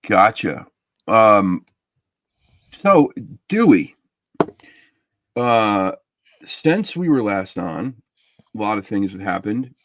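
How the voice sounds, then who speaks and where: Deep-voiced guy with a gravelly edge, hosting a chatty live show, dry sound. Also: big pitch swings, drawn-out words, pauses often, a bit bright, dry recording. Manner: rambling, chatty, many fillers. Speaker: podcast host. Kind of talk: casual live-stream chat.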